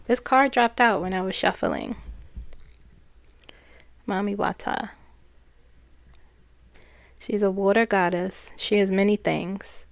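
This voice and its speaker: A woman who reads cards and channels spirits, talking in a slow, hesitant way as she recounts messages. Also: mid-range voice, very animated, creaky. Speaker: spiritual channeler and card reader. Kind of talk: casual spiritual chat.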